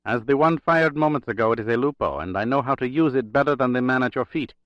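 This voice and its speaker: A man voicing an armed, Italian-speaking woman who gives clipped, formal commands in halting English in an audiobook. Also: mid-range voice, fairly bright tone, no echo, voice pushed up, close to an everyday voice. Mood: commanding. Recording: dry, slightly dull recording.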